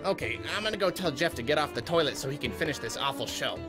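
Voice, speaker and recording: Guy doing a goofy puppet dude, cheeky jokey promo voice, bouncy pitch, music going behind. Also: lively intonation, quick pace, natural voice. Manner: jokey, mischievous promo patter. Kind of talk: comedy radio promo.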